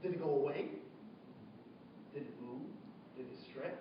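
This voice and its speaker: A man giving a storytelling talk as a trainer, animated, asking the audience questions and acting out both sides of a conversation. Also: mid-range voice, measured pace, background noise. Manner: animated, asks the audience questions, acts out dialogue. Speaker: diversity trainer. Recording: echoey room from far off, dull.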